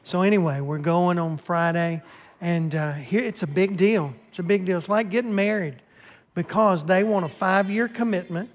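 A man preaching as a pastor, lively and joking, calling out to his congregation through a handheld microphone in a church sanctuary. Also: sits high, normal speed, slight background noise. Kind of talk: sermon with announcements. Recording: long church hall reverb.

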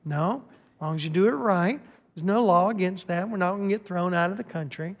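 A man preaching as a pastor, lively and joking, calling out to his congregation through a handheld microphone in a church sanctuary. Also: sits high, brisk, dull audio. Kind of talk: sermon with announcements. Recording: long church hall reverb.

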